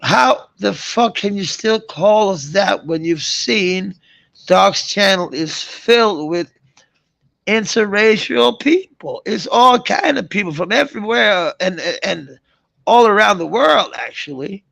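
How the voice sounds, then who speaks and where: A man's voice: high-pitched, expressive, slow, vocal fry, fairly bright tone, no room sound. A middle-aged man vlogging a rambling, profane rant, mocking his targets and chuckling between jabs. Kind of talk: ranting vlog monologue.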